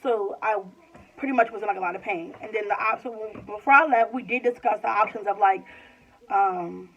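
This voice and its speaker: A chatty vlogger in her twenties shares a personal story in a mid-range voice, a little fast, peppered with "like" and rambling restarts. A little hiss or hum is audible, and the sound is dull, lo-fi, and slightly distant.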